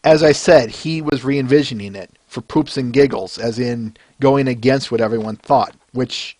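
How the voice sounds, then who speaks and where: A man's voice: medium pitch, moderate pace, a little mellow, no echo. A male podcast host rambling casually through a fan-art review, with lots of fillers and chuckles.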